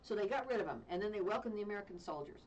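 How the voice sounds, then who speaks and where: Woman radio host going off on a rant, loud opinions, mic a bit far off. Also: medium pitch, lively intonation, very fast, lo-fi sound, slight background noise. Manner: ranting, mocks others in put-on voices. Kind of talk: opinionated live radio talk. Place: live radio studio.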